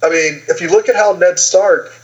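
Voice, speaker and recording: A man co-hosting a podcast recaps a TV season in casual chat, rambling with lots of fillers and quoted lines. His voice is high, his pace moderate, and the sound lo-fi.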